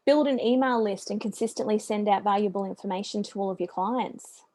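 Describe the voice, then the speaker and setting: Brief: Australian woman, middle-aged business coach, warm mellow voice, chatty and upbeat, dry close sound. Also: medium pitch, brisk, no room sound. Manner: chatty and upbeat, with friendly asides. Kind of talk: business presentation.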